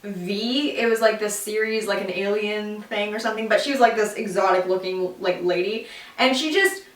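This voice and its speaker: A young woman co-hosting a podcast tells stories at a moderate pace in a mid-range voice, swearing a lot and laughing often. She's animated, but the mic is distant, leaving her off-mic in an echoey room.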